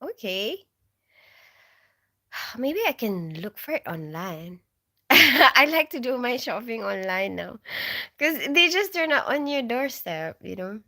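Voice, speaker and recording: A woman in her forties from the Philippines hosts a relaxed livestream, a chatty storyteller with a Filipino English accent who giggles a lot and reads out viewer comments. Her voice is fairly high, bright and forceful, very animated yet slow, with long pauses.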